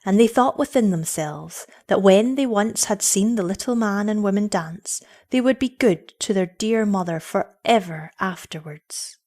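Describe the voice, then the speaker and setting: A woman giving an expressive scripted story narration. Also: medium pitch, measured pace, few pauses.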